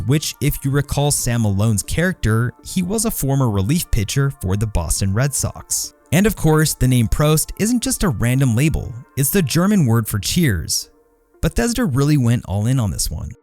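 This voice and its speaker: Guy narrating a gaming video essay, bouncy intonation, soft music under it. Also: mid-range voice, big pitch swings, normal speed. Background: background music.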